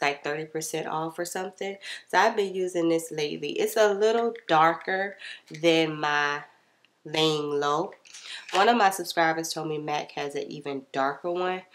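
A woman with a stuffy, congested voice chatting casually to her viewers while she narrates a makeup tutorial voiceover. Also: low-pitched. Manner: chatty, relaxed, addresses viewers as y'all. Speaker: beauty vlogger.

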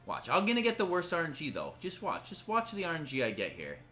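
Casting note: male gaming streamer, bright, lively pitch, furious swearing rants, faint music under him. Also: quick pace. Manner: angry, ranting, heavy swearing; swings between loud outbursts and muttering. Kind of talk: live gaming commentary.

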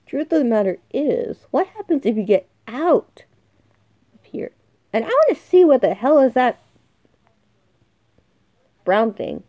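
A woman's voice: high-pitched, very animated, a little slow, long pauses, mellow, dry recording. A woman in her twenties commenting on a game she is playing, jumpy and swinging from muttering to shrieking. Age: 20s. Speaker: gaming youtuber. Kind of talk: excited let's-play commentary.

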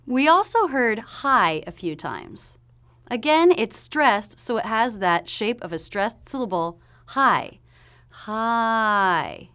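A woman's voice: a little high, sing-song, bright, forceful tone. Woman teaching pronunciation. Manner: clear, demonstrates sounds slowly. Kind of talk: explanatory pronunciation lesson.

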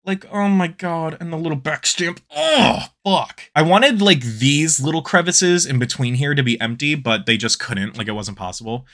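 A man who makes art, unboxing enamel pins for his shop in a casual vlog. He talks in a campy, sassy way, swears constantly and squeals with excitement. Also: mid-range voice.

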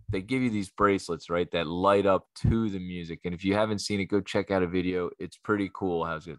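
Swearing storytelling man, low voice. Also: smooth, no room sound, studio quality. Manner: animated, swearing, acts out quoted voices. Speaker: comedian host. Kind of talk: profane comic storytelling.

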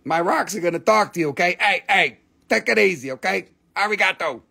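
Soothing easygoing crystal figure, put on by a man; high, gravelly. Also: a little fast, full character voice. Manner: calming, easygoing.

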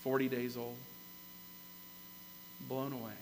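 A man preaching a sermon as pastor, telling the story with lively, animated emphasis that swells to loud peaks. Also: mid-range voice, slow pace, long reverb tail, slight background noise, low-quality recording. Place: church sanctuary.

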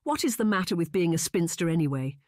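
A woman's voice: fairly low pitch, animated, fast talker, no echo, clean studio sound, close to an everyday voice. A woman voicing a spirited older sister. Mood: indignant. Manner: gentle, then indignant. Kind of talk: audiobook character reading.

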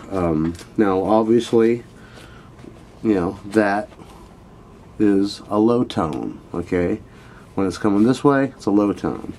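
A man with a very low voice gives a loose, chatty video lesson. He addresses his viewers directly and keeps reaching for fillers as he explains. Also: darkish tone. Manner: rambling, filler-heavy and chatty. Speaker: online Thai language teacher.

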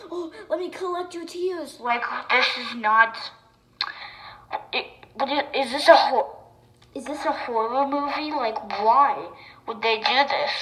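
A woman giving chatty, excitable reaction commentary to her viewers, with sudden loud bursts. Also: mid-range voice, rough recording. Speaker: video creator.

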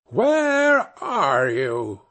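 A man reading a fairy tale aloud, voicing a wicked, murderous old witch in a raised, sharp voice. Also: high voice, huge pitch swings, extremely slow, pitched above the performer's own voice, full character voice. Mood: calling out.

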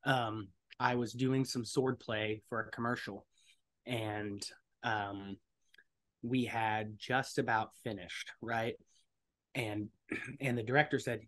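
Lively storytelling man. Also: fairly low pitch, normal speed. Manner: lively storyteller, acts out other people's lines loudly. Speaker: voice actor and stuntman guest. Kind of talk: animated storytelling in a podcast interview.

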